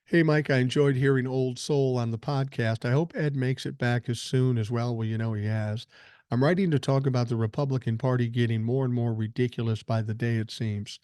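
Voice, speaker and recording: A man's voice: medium pitch, steady tone, brisk, darkish tone, clear, resonant tone, no echo, clean studio sound. An older man hosting a podcast, reading listener emails aloud and answering them bluntly with plenty of swearing, still getting over a cold. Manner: blunt, profane, opinionated. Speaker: podcast host.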